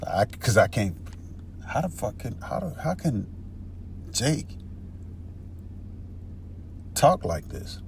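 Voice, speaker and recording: A man's voice: mid-range voice, sing-song, slow, vocal fry, long pauses, slight background noise. A man teaching from scripture in a heated, profane, casual way, calling the listener "man" and "bro". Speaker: street-style scripture teacher.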